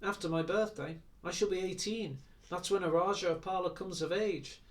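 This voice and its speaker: A man's voice: sits high, moderate pace, far from the mic, pitched above the performer's own voice, close to an everyday voice. A man reading aloud and voicing a haughty, petulant teenage boy prince who flares up indignantly. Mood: proud. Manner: imperious, sulky, flares up indignantly.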